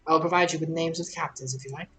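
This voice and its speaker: A man voicing a calm, measured woman innkeeper in a video game, speaking formally and deliberately. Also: fairly high pitch, faint music behind, pitched above the performer's own voice, natural voice, rough recording. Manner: formal, deliberate, softly spoken.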